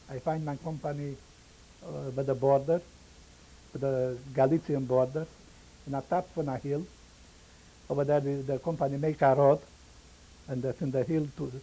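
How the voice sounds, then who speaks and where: An older man whose first language is Yiddish, giving oral history testimony in halting English and pausing to search for words. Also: mid-range voice, warm tone, slightly rough, low-quality recording. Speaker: interviewee, survivor.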